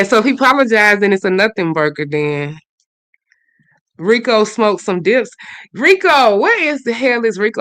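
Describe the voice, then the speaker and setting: A woman hosting a casual livestream, chatting and gossiping as she reads out viewers' comments, swinging between loud bursts and low mutters. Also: no echo. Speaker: livestream host.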